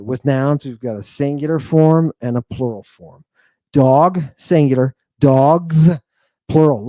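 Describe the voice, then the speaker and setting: Man, greek grammar lesson, blunt and animated, slightly high voice, dry close sound. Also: no echo. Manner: animated, blunt, talks to viewers and a helper. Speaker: Greek language teacher. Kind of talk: casual lecture over slides.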